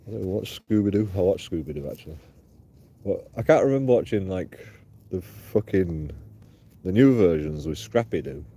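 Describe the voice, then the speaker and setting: A man's voice: deep voice, animated, normal speed, dark tone, slightly rough. A man livestreaming while walking outdoors at night, rambling, swearing freely and laughing often. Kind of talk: rambling casual livestream chat.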